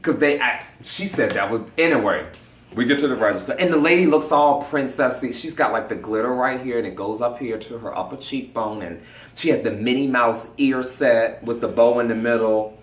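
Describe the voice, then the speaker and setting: A man telling a funny story casually, animated and laughing often, acting out the voices of the people in it. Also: medium pitch, moderate pace. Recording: roomy echo.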